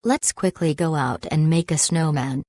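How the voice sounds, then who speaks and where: A woman voicing an excited young wife, speaking eagerly. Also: sits low, moderate pace, no room sound, clean studio sound.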